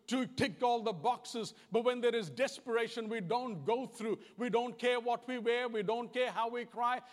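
High-voiced Kiwi preacher in a reverberant hall. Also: male voice. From New Zealand. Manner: earnest, repetitive, plain-spoken. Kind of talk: conversational sermon.

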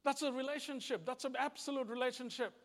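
Kiwi guy preaching, fairly high voice, earnest and repeats himself, echoey hall sound. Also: fairly even intonation, fast talker. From New Zealand. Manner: earnest, repetitive, plain-spoken. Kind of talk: conversational sermon. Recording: long hall reverb.

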